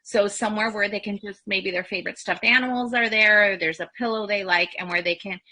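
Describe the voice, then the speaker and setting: A woman's voice: medium pitch, fairly even intonation, fairly quick, pushed and bright. A woman, a former first grade teacher, giving earnest, practical advice to parents as an interview guest. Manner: earnest, practical, acts out dialogue.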